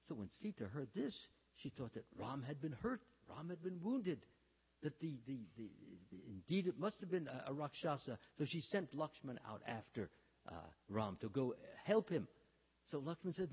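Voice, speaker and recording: Halting man preaching in a reverberant hall. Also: fairly high pitch, very animated, slightly rough. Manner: halting, many fillers and restarts, acts out quoted lines. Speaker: religious speaker. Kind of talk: sermon storytelling. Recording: dull, reverberant hall sound.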